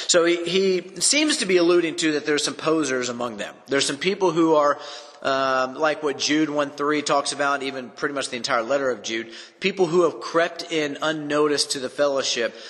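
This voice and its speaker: A man's voice: a little high, fairly bright tone, big-room sound. A man giving an earnest, unscripted Bible teaching on a podcast, repeating words for emphasis.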